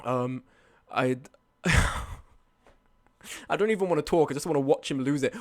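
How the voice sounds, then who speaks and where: A man's voice: a little high, normal speed, long pauses, a little mellow. A young man telling a rambling story to his stream chat, swearing and laughing along the way. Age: young adult. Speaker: live streamer.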